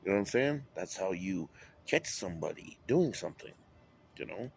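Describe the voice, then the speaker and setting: A man's voice: low-pitched, sing-song, normal speed, vocal fry, a little hiss or hum. A man talking in a rambling monologue, drifting between topics and swearing often. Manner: rambling, wandering, with frequent swearing.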